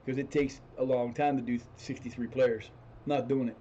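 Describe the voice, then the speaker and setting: A man's voice: medium pitch, level tone, normal speed, mellow, highs cut off, slight background noise. A man streaming a football management game, chatting casually as he plays, often restarting his sentences and cursing when things go wrong. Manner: rambling, restarts sentences, swears when frustrated. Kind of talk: casual gameplay commentary.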